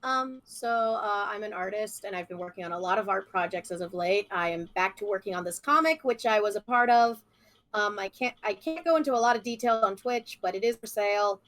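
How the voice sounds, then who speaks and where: A woman speaking on a casual livestream, hesitant and shy, with many pauses and fillers. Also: mid-range voice, fairly bright tone. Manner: hesitant, shy, lots of ums. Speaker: artist guest.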